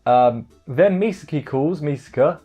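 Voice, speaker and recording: A man's voice: on the high side, lively intonation, mellow, husky, dull audio, faint music behind. Chatty man recapping an anime, jokey. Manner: chatty, jokey, rambling with quick asides. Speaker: anime reviewer. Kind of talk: casual spoken recap.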